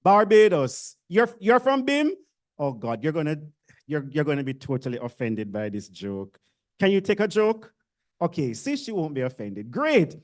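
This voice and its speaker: Very animated at a moderate pace, this medium-pitched speaker with a Jamaican accent welcomes new university students in a relaxed orientation address. The talk is full of jokes, self-deprecation, teasing, and back-and-forth with the audience.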